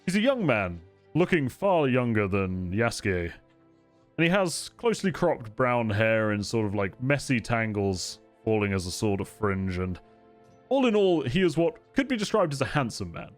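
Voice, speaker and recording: A man's voice: mid-range voice, big pitch swings, normal speed, soft background music. A man narrating a tabletop game as game master, describing scenes in a storytelling way.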